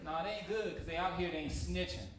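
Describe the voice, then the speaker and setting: A young man doing a stand-up comedy set on a theater stage, telling stories in a casual, slangy way and switching quickly into voices. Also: high-pitched, over a noisy crowd, heavy background noise. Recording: echoey theater from far off. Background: audience and room ambience.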